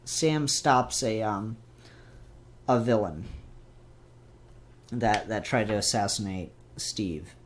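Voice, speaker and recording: A man's voice: fairly low pitch, slow pace, pauses often, a little hiss or hum. A young man giving a casual spoken review of comics, in a rambling, chatty and upbeat way.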